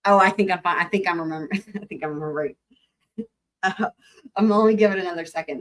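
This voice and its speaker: A woman's voice: mid-range voice, fast, fairly bright tone, rough recording. A young woman hosting a live stream, chatting casually and giggling while she talks herself through setting up. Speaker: livestream host.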